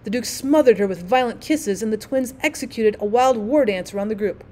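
Woman, teacher, audiobook narration, steady expressive reading, slightly high voice. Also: fairly quick.

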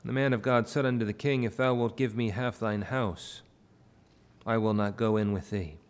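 A man's voice: on the low side, steady tone, normal speed. A male pastor preaching a sermon in a church. He works verse by verse through a Bible passage and rises to impassioned pleading. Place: church sanctuary.

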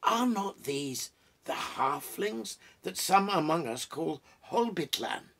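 A man's voice: fairly high pitch, lively intonation, slow, vocal fry, a bit bright, voice pushed up, full character voice. A man voicing a stately older king who speaks formally and with dignity in a storybook reading. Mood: dignified.

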